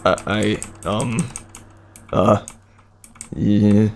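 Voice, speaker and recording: A man's voice: lowish voice, flat delivery, very slow, a little mellow, slight background noise. A man playing a horror game, reading the dialogue aloud and muttering dry asides. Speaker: game player. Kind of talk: let's-play commentary and reading dialogue.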